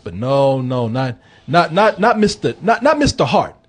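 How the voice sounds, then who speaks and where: Husky, animated man reviewing a film. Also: a little high, normal speed. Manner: animated, joking and profane. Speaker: movie review podcast host. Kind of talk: casual chat.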